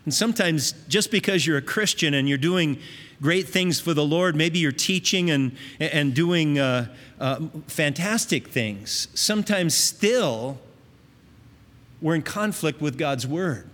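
A man's voice: on the high side, expressive, unhurried, fairly bright tone, big-room sound. A man preaching a sermon, teaching in an earnest, conversational way with emphatic rises.

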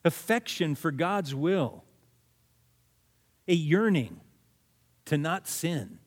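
A man's voice: fairly high pitch, big pitch swings, drawn-out words, long pauses, long reverb tail. A man preaching a sermon as pastor, earnest, repeating key words for emphasis. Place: church sanctuary.

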